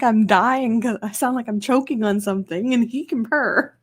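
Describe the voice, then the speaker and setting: A woman's voice: a little high, normal speed. A woman hosting an ASMR live stream, chatting casually and rambling, laughing often into a close microphone.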